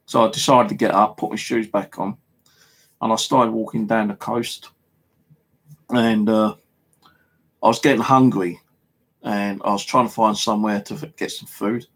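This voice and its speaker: Low gravelly English bloke, casual storytelling vlogger, loose and rambling, lots of fillers and swearing. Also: male voice, steady tone, normal speed, long pauses, a bit bright. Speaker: paranormal vlogger. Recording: home video monologue.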